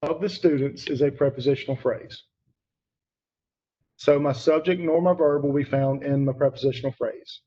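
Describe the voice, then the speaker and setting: A man's voice: medium pitch, fairly even intonation, moderate pace, warm tone, highs cut off. A man teaching grammar to students online, emphatic and repeating key points, calling on students by name.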